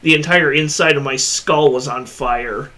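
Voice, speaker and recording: A man in a casual reaction chat, cracking deadpan jokes and laughing often. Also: on the high side, measured pace.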